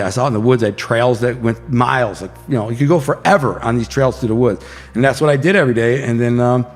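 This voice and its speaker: A man's voice: medium pitch, long reverb tail. A man telling his life story as an interview guest, loose and slangy, with lots of restarts. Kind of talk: casual storytelling.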